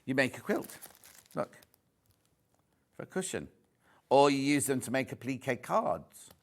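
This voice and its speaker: Chatty man with a lively voice, live TV selling. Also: medium pitch, a little slow. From United Kingdom. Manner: chatty, jokey, reads out viewer messages. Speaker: shopping channel presenter. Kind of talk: live TV sales presentation. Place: TV studio.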